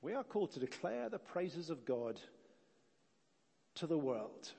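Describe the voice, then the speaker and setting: A man's voice: a little high, sing-song, unhurried, gravelly, warm tone, breathy edge. A man from England preaching a sermon in a conversational way, asking the congregation questions. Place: church. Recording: long reverb of a church.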